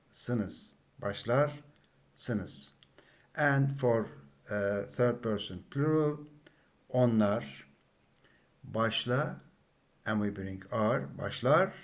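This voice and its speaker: A man with a Turkish accent giving a spoken grammar lesson, explaining patiently and repeating himself with many fillers. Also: mid-range voice. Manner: slow, patient explaining with frequent fillers and repetitions. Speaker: language teacher.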